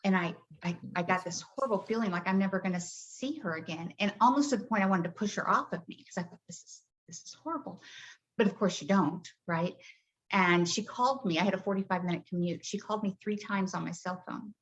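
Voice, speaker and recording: Soft-spoken middle-aged woman, lo-fi. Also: mid-range voice, fast. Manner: soft-spoken, heartfelt, with many hesitations. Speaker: guest, grief coach. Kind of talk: podcast interview. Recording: dull lo-fi audio.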